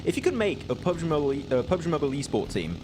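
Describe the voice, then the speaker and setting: Chatty English esports caster. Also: male voice, a little high, very animated, quick pace, background noise. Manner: chatty, laughs easily. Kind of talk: live esports commentary.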